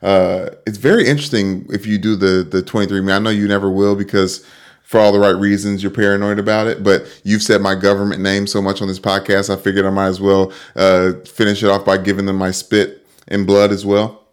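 A man's voice: lowish voice, little pitch movement, brisk, clean tone. A young man co-hosting a sports podcast in casual chat, rambling with repeated words and frequent laughs. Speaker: podcast co-host.

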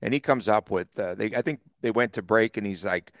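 A man from the East Coast co-hosting a sports podcast, chatting casually and telling animated stories with frequent laughs. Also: lowish voice, fairly quick, no echo, clean studio sound. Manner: laughs often, animated storyteller. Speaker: podcast co-host.

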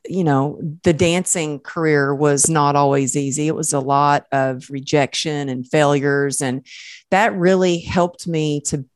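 A middle-aged woman with a Southern US accent, a guest telling her story in an effusive, warm way. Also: low-pitched, fairly even intonation, measured pace, no echo, studio quality. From American South. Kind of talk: casual interview talk.

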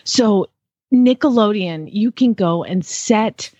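A woman in her thirties, co-hosting a casual chat, telling a story in an animated way and laughing often. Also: slow, slightly rough, no echo. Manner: animated, laughing, acts out quotes in high voices. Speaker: co-host. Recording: dull lo-fi sound.

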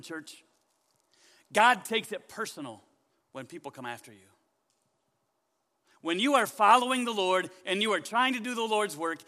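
Bright, high-voiced preacher in a reverberant hall. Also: male voice. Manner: animated, questioning the congregation. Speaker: pastor. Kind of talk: sermon.

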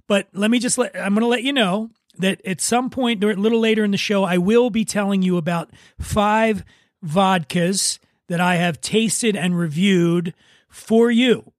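A man hosting a podcast, telling a story in an animated, self-deprecating griping way. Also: sits high, dry recording, studio quality. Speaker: podcast host. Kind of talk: casual podcast chat.

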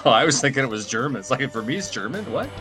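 A man's voice: medium pitch, sing-song, fast talker, music in the background. A man co-hosting a casual sports podcast, upbeat and teasing. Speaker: podcast co-host.

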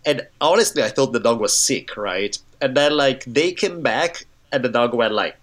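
A man's voice: medium pitch, normal speed. Podcast host guy telling a story, easygoing, lots of yeahs and rights. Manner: relaxed, many short agreeing replies. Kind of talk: casual podcast conversation.

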